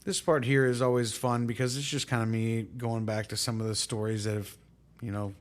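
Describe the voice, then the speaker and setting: A man hosting his own music vlog, telling a story in a relaxed, rambling way with lots of fillers. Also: medium pitch, a little fast. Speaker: host. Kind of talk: casual storytelling to camera.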